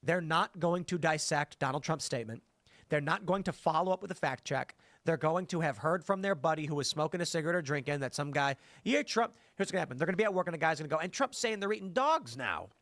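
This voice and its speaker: Animated man, higher pitch, dry sound. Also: fast talker, dry recording. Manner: animated, acts out voices of others in anecdotes. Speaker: livestream host reading viewer comments. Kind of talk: casual political chat.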